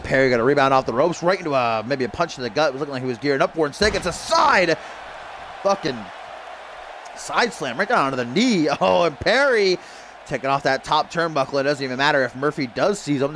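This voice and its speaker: A man doing excitable play-by-play for a wrestling video game stream, laughing at the action and reading viewer tweets. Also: mid-range voice, slight background noise.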